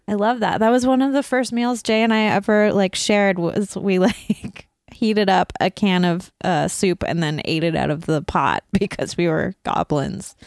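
A woman in her thirties chats casually as a podcast co-host. She tells animated stories and laughs often. Her voice sits close and dry, with no room around it. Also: medium pitch, a little slow, few pauses, dry recording. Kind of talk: casual chat.

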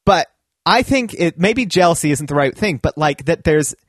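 A young woman talks in a rambling, self-mocking way on a comedy podcast. Her pitch swings up and down a lot. The sound is close and dry. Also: animated, moderate pace, no echo. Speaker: podcast co-host. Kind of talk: casual comedy podcast chat.

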